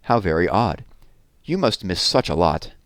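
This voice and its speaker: A man voicing a kindly adult stargazer in a storybook, patient and gently amused as he explains. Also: low-pitched, big pitch swings, moderate pace, no room sound, clean studio sound. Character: kindly grown man with a telescope.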